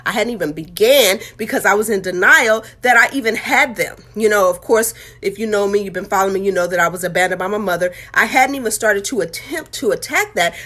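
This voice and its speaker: A woman's voice: medium pitch, a bit bright. A woman and author telling her life story in a candid, heartfelt, conversational way. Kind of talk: candid personal testimony.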